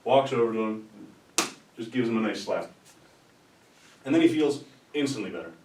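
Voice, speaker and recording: A man's voice: lively intonation, moderate pace. A man giving an informal, rambling lecture, talking conversationally with restarts and asides. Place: lecture room. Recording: roomy sound from a distant mic with faint rumble.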